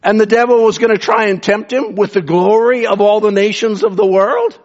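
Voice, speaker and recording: A man preaching an impassioned sermon, swinging from fervent shouts to hushed asides and repeating phrases for emphasis. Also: high voice, fairly even intonation, normal speed. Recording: dull lo-fi sound.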